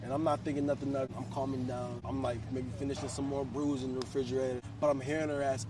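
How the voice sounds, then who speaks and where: A man's voice: mid-range voice, little pitch movement, fast talker, few pauses, far from the mic, noisy background. A man in his twenties telling a story from his own life in a casual, slangy way, swearing freely. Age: 20s.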